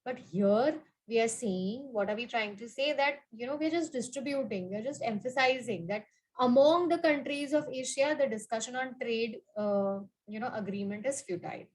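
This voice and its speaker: At a moderate pace and in a slightly high voice, a woman teaches English grammar through examples, on a low-quality recording. She goes over points repeatedly, poses questions along the way, and keeps dropping "okay" and "you know."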